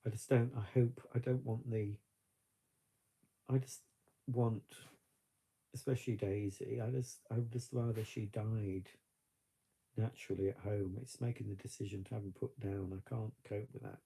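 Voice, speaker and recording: A man talks in a rambling, reflective way on a live stream, now and then tearful. His voice is gravelly and husky and sits deep and dark. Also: steady tone, normal speed, pauses often. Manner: reflective, rambling, with frequent fillers. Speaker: vlogger. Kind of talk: casual live-stream chat.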